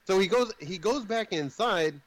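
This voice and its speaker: A man tells a movie story in a loose, rambling way, cursing casually as he goes. His voice sits a bit high for a man. The sound is dry and close, with no room in it. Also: expressive, moderate pace, no echo, low-quality recording. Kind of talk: casual movie recap chat.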